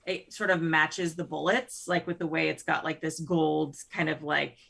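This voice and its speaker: Casting: woman player, gravelly bright voice, rambling casual talk. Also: low voice, fairly even intonation, moderate pace. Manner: chatty, says "like" constantly. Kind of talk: casual chat.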